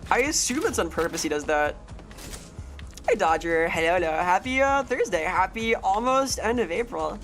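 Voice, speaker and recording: A woman's voice: mid-range voice, expressive, moderate pace, fairly bright tone, faint music behind. A woman streaming a game live, rambling playfully, swearing freely and greeting chat members.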